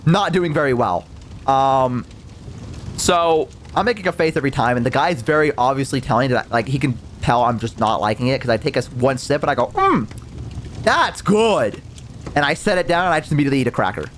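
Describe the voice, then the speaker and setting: A young man telling a casual story, animated, acting out the voices in it, with lots of fillers and casual swearing. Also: mid-range voice, fast, a little hiss or hum. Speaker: VTuber storyteller.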